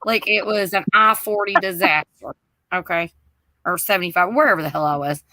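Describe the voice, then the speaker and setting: A woman telling a long story in a casual chat, animated, laughing and swearing, with lots of "like" fillers. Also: fairly low pitch, fairly quick, no echo.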